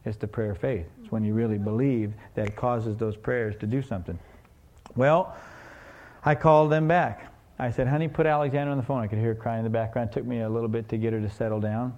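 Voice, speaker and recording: Gravelly-voiced man preaching a sermon. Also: fairly low pitch, fairly even intonation, fairly quick, a little mellow, lo-fi sound. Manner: conversational, asks the congregation questions. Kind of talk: sermon storytelling.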